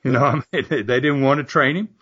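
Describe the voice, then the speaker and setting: Older Southern guest, folksy storyteller, husky, lively pitch, muffled lo-fi sound. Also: male voice, fast. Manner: folksy, animated storyteller who swears mildly. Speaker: guest, former wrestler and promoter. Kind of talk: casual storytelling interview. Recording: muffled lo-fi audio.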